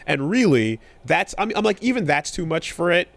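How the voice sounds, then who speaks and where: A man co-hosting a podcast in casual chat, talking in a rambling, animated way with many fillers and restarts. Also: a little high, normal speed, vocal fry, no room sound. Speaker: podcast co-host.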